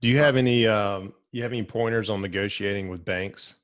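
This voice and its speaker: A man's voice: fairly low pitch, brisk. A man hosting a video call, asking brief, laid-back questions. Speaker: host.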